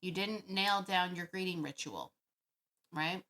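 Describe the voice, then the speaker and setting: Chatty woman with a bright voice. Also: lowish voice, measured pace. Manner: chatty, thinks out loud, laughs often. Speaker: dog trainer podcast host. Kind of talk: casual Q&A monologue.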